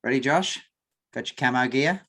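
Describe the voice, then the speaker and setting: A man's voice: medium pitch, animated, normal speed, bright, forceful tone. A man with a nasal Australian accent, chairing an online working group meeting in a friendly, chatty way full of fillers. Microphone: video call.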